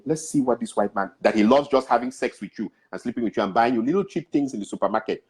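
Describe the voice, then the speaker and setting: Quick, with few pauses, this man's medium-pitched voice is animated, darkish and slightly rough. In a fervent, preachy talk he presses African men to change, acting out what other people said.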